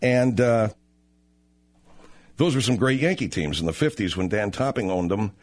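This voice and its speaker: A man's voice: fairly low pitch, lively intonation, moderate pace. A man hosting a radio talk show in a casual, brash, teasing, rambling way.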